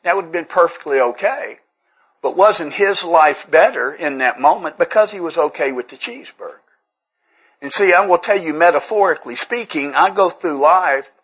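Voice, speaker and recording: A man's voice: on the high side, normal speed, fairly bright tone, low-quality recording. A man with a Tennessee accent, telling earnest, humorous stories to a recovery workshop group. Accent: Southern US, Tennessee. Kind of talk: folksy storytelling talk to a live group.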